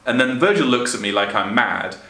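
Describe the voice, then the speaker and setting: A man's voice: medium pitch, animated, fairly quick, bright, forceful tone, roomy sound. A young man chatting casually, reading out stories and often breaking into laughter at them. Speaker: vlogger.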